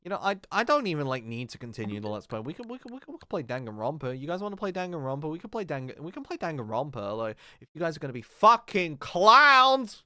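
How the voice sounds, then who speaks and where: Bright-voiced man rambling on stream. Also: fairly high pitch, very animated, fast talker, few pauses, no room sound. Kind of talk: live stream commentary.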